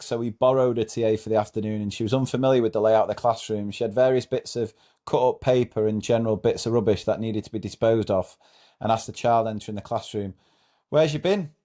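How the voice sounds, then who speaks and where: A man's voice: medium pitch, fairly even intonation, fast talker, dark tone. A man hosting a comedy show, reading out a thread of teacher anecdotes in a casual, amused way and often breaking into laughter.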